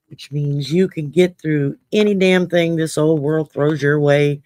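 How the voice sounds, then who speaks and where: A Louisiana woman with a Cajun accent reads cards for viewers during a casual late-night stream, tossing out salty jokes, swearing freely, and laughing often. Her low voice is steady and a little mellow, a bit slow with few pauses, and there's no echo.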